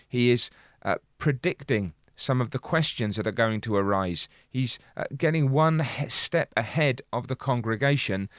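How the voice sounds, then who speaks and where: A man commenting on an old sermon, explaining its meaning and reading passages from it aloud in an earnest, measured way. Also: medium pitch, no room sound, studio quality.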